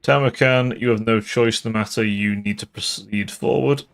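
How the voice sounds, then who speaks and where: A man's voice: lowish voice, fairly even intonation, normal speed, vocal fry. Joking, sweary man streaming a game. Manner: joking, sweary, mock-offended. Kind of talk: live gameplay commentary.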